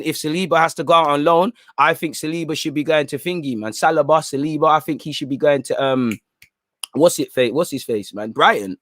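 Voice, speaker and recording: A man's voice: mid-range voice, dry recording, clean studio sound. A man hosting a football channel, chatting casually on a livestream in a rambling, slang-heavy way. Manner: rambling, slangy, peppers talk with "man" and "bro".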